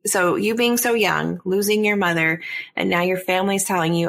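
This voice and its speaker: A woman hosting a podcast, asking gentle, probing questions. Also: lowish voice, steady tone, normal speed, vocal fry. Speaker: podcast host. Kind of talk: podcast interview.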